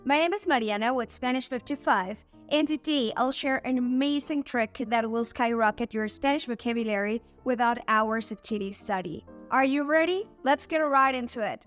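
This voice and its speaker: A woman hosting an online Spanish lesson, saying example words slowly and clearly for learners. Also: on the high side, soft background music. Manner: clear, slow model pronunciation of words. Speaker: Spanish teacher and channel host.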